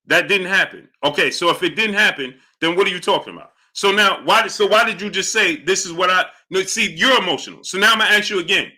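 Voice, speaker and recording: A fast-talking man with few pauses hosts a boxing talk show streamed live. He reads out super chats, quarrels with viewers and keeps demanding they answer yes or no, with quiet, low asides to greet the chat.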